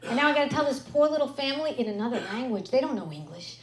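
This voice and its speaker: A woman's voice: sits high, expressive, fast talker, hardly any pauses. A woman performing a brash, profane stand-up comedy set on a club stage, speaking into a handheld mic. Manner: brash, profane, punchy delivery. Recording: echoey club with loud crowd. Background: audience laughter.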